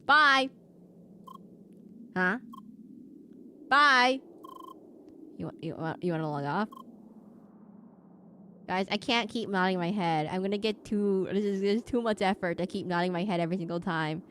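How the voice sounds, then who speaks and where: A woman streams a game from a desk mic at home, talking in a loose, rambling way that keeps restarting itself. Her pitch sits in the middle for a woman, and a faint hum of room noise runs underneath. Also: unhurried, long pauses, bright, forceful tone. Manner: chatty and rambling, many fillers and restarts. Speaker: VTuber streamer. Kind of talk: casual game stream chat.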